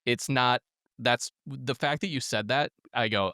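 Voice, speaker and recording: A man's voice: mid-range voice, a little slow, pushed and bright, no echo, studio quality. A married man co-hosting a casual podcast, reacting to a story with short replies and earnest asides. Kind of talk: casual chat. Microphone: headphones on a close studio mic.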